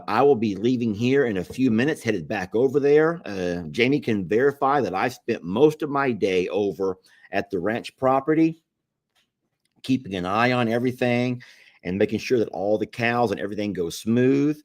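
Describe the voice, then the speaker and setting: A middle-aged man hosting a casual livestream and reading viewer comments aloud, in an easygoing drawl. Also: lowish voice. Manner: easygoing drawl, laughs easily. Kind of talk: casual live chat.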